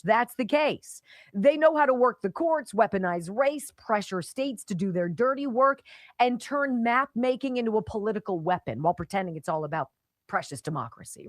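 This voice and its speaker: A middle-aged woman hosts a talk radio show, her pitch leaping around as she talks. She delivers a sarcastic, scornful monologue in short punchy bursts. The sound is close and dry, with no room around it. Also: dry recording.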